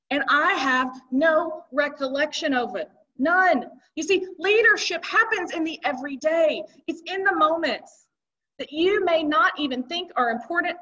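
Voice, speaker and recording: A woman's voice: extremely high pitch, sharp tone, recorded from a distance. A woman giving a conversational motivational talk to a live audience, with rhetorical questions and emphatic delivery. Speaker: keynote speaker. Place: event hall with audience. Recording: dull lo-fi recording.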